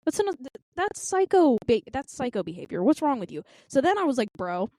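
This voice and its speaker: A woman's voice: sits high, sing-song, a little fast, dark tone, dry recording. A woman in her twenties, co-hosting a podcast, telling stories with intense, dramatic passion and acting out quotes. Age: 20s. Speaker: podcast co-host. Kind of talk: casual chat.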